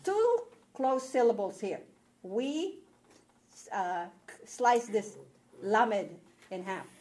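A woman's voice: mid-range voice, expressive, takes it slowly, mellow. A woman teaching a Hebrew reading class, patiently checking that her students follow along. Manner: patient, checks understanding with "okay?". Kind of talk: classroom lesson.

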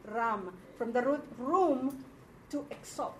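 Recorded at a distance in a reverberant room, this woman from the Philippines teaches Hebrew to a class, patiently explaining and checking on her students. She speaks slowly and expressively in a fairly high, darkish voice over slight background noise.

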